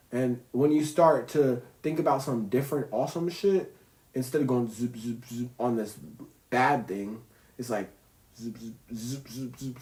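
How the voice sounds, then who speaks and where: A man's voice: mid-range voice, dark tone. A man livestreaming from his bedroom in a casual, rambling monologue, swearing freely, using slang and making little zooming sound effects. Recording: roomy echo.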